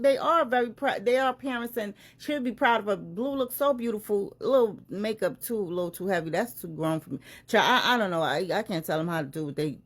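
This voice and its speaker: A woman reading a celebrity news article aloud and reacting to it with frequent exclamations and asides, in a casual commentary style. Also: on the low side. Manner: animated, exclaiming and interrupting her own reading.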